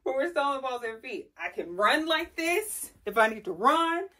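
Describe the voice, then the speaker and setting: A woman giving a casual, lively tutorial, chatty and sassy as she demonstrates while walking around a carpeted room. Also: sits high, normal speed. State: slightly out of breath. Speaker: style vlogger teaching heel walking. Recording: voice from a distance.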